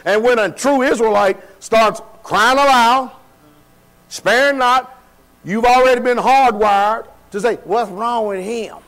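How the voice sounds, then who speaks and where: In a church sanctuary, a male pastor delivers a sermon in a very high-pitched voice at a measured pace, captured on a rough recording. He questions the congregation, talks in a loose, colloquial way, laughs at his own remarks, and swings between loud and quiet.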